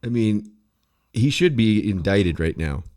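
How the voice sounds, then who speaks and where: A man's voice: on the low side, expressive, a little slow, darkish tone. A man ranting bluntly in casual podcast chat, swearing freely. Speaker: podcast co-host.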